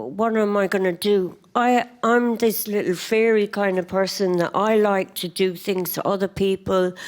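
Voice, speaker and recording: An Irish woman giving a personal testimony talk at a conference, telling her story in a lively, chatty way with quick asides. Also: lowish voice. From Ireland. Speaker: conference speaker.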